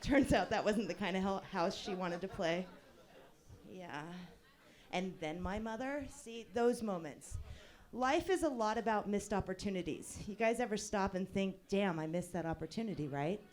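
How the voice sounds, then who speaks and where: A woman in her thirties performing a stand-up comedy set at an open mic, with a wry, deadpan delivery and bursts of laughter. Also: mid-range voice, normal speed.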